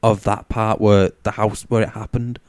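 A man co-hosting a casual podcast, nodding along and putting forward calm counterpoints. His voice sits low and warm, captured dry and close. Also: dry recording. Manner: brief agreeing, measured counterpoints. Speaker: podcast co-host.

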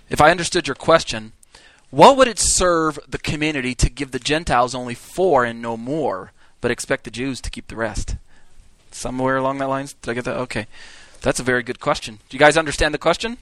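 A man teaching a Bible class, lecturing in an animated way, acting out quotes and often restarting his sentences. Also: on the high side, no echo.

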